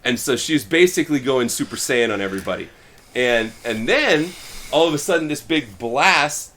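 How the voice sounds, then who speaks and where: A man co-hosting a podcast, casually retelling a story and acting out the characters' lines in quick little voices. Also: mid-range voice, expressive, fairly bright tone, a little hiss or hum. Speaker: podcast co-host.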